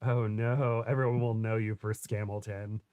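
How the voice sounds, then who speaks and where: A man's voice: lowish voice, little pitch movement, moderate pace, a little mellow, clean tone, muffled recording. A young man chatting casually with a co-host, laughing often, then reading a fan fiction story aloud. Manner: giggly, self-deprecating, laughs often.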